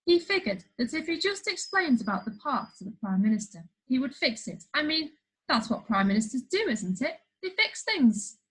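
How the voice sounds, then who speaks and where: Lively woman reading a children's story. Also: high voice, moderate pace, breathy edge, rough recording. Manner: lively, playful storytelling with asides. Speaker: storybook reader.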